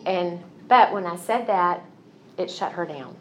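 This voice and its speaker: A woman's voice: lowish voice, unhurried, a little hiss or hum. A middle-aged woman giving a Christian teaching talk, telling personal stories in an earnest, confessional way. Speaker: Christian speaker.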